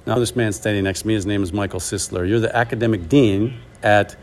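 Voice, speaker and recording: A man's voice: fairly low pitch, fairly even intonation, fairly quick, soft background music. Upbeat man interviewing people outdoors. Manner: upbeat, joking. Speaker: event reporter interviewing attendees. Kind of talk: casual on-the-spot interviews. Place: outdoor camp.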